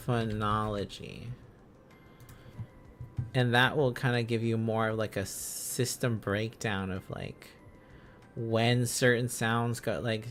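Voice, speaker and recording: A man on a casual livestream, thinking aloud in an unhurried, drawn-out way as he sounds out syllables one at a time. He chuckles often between attempts, and soft music plays faintly underneath. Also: medium pitch. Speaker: streamer.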